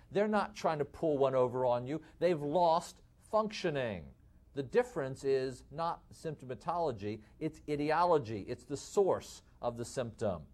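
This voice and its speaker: Lively Midwestern man lecturing. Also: fairly high pitch. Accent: Midwestern American. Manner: lively, rhetorical questions, addresses audience as folks. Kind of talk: recorded lecture to medical students.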